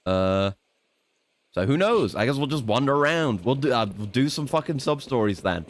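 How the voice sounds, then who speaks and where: A man's voice: medium pitch, animated, normal speed, no echo. A man streaming a video game, rambling and swearing casually as he plans his next moves and mocks himself. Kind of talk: casual let's-play commentary.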